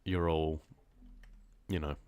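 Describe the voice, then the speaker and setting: Deep-voiced man with a stuffy nose. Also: steady tone, takes it slowly, a little mellow, smooth, dry recording. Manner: rambling, self-deprecating, laughs often. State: congested, stuffy nose from a cold. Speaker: horror story narrator streaming live. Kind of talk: casual live-stream chat, reading comments.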